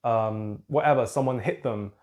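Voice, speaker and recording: With a mid-range voice that is a little mellow, a man speaks at a moderate pace in an explanatory talk to camera. He coaches on anxiety, earnestly circling back to his points while writing on a board.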